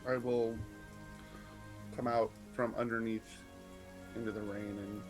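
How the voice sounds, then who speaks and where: A man's voice: on the low side, little pitch movement, slow, over music. A man playing a tabletop game, speaking hesitantly and checking details with the game master. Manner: hesitant, asks questions. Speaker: player.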